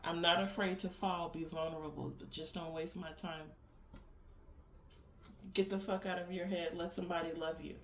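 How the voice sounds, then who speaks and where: A woman's voice: on the low side, little pitch movement, moderate pace, slight background noise. A woman giving a tarot reading as a blunt, profane spiritual pep talk. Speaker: tarot reader. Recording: roomy echo with faint ambience.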